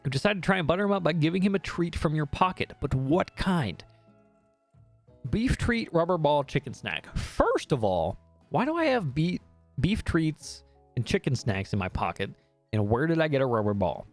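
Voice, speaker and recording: Gravelly, animated young man streamer. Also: on the high side, brisk, soft background music. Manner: jokey, swears, self-mocking asides. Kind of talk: reading a game aloud with commentary.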